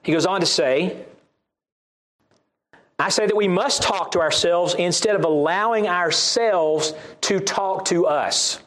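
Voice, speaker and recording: A man's voice: high voice, slow, a bit bright. A man with a Southern US accent preaching a sermon, reading scripture aloud and repeating key lines for emphasis.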